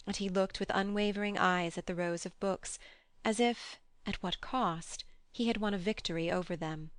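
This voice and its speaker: A woman narrating an audiobook in a measured, even way. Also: lowish voice, dry recording, studio quality. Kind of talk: scripted narration.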